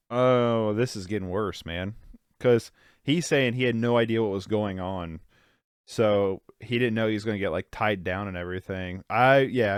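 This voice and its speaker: A young man from Ohio talks through a documentary as it plays, full of "like" and quick laughs. His voice sits fairly low and sounds smooth and clean. The room is dry, with no echo around him. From Ohio, United States. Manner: incredulous, swearing, frequent "like", quick laughs. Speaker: movie reaction host. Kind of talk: casual watch-along commentary.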